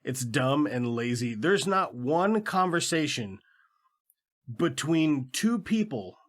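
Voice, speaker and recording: A man co-hosting a podcast, chatting casually about a movie, swearing and mocking its characters in quick impressions. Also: on the high side, sing-song. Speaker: podcast co-host. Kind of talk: casual movie-review chat.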